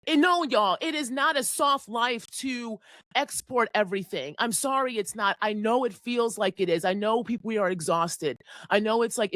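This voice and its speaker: A woman's voice: mid-range voice, a bit bright, dry recording. A woman in her forties gives a passionate astrology forecast, preaching with a lot of swearing. She sounds close to tears at times. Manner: fiery, preachy, profane, near tears. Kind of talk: impassioned forecast monologue.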